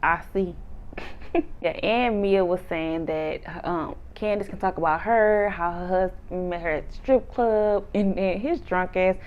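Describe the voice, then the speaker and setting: A woman casually recapping a reality show episode, laughing often and acting out the cast's lines in animated voices. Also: on the low side, unhurried, smooth, lo-fi sound.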